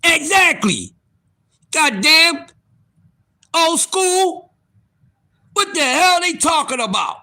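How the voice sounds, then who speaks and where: A man in his fifties hosting a live stream, ranting loudly and profanely at his viewers in disbelief. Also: extremely high pitch, very animated, slow, long pauses. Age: 50s. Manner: loud, profane, incredulous ranting. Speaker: livestream host.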